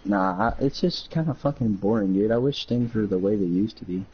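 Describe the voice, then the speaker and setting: A woman's voice: extremely low pitch, animated, brisk, dull audio, heavy background noise. A woman co-hosting a casual chat, joking and swearing, with sudden squeals and laughter. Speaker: co-host.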